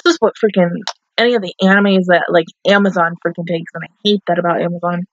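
A young woman giving casual, expressive reaction commentary, talking back to the screen, swearing and laughing often. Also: fairly low pitch, fast, no echo, highs cut off. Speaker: anime reaction YouTuber.

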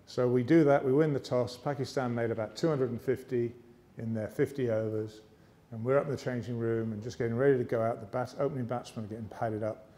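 An English man giving a motivational speech on stage, telling a lively story and slipping into other people's voices. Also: medium pitch, brisk. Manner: lively yarn-spinning with character voices. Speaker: motivational speaker. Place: arts centre stage, live audience.

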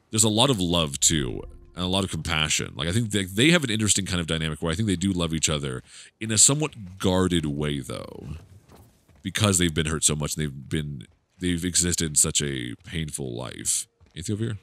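A man's voice: deep voice, fairly bright tone. A man giving rambling, joking commentary while playing a video game, laughing often. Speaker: gaming YouTuber. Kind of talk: casual let's-play commentary.

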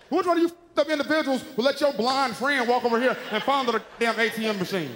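A man's voice: very high voice, fast talker, few pauses, fairly bright tone. A man doing a stand-up routine, ranting with exasperated punchlines. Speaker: stand-up comedian. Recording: live hall with noise.

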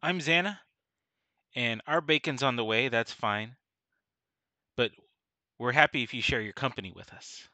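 A man's voice: mid-range voice, normal speed, long pauses, bright, forceful tone, no room sound. A man voicing an eager, friendly young female gnome.

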